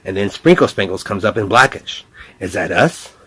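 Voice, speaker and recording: A man voicing a mocking male tormentor who talks about him in the third person, in excited, jeering bursts. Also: fairly low pitch, normal speed, husky, exaggerated voice. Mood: gloating.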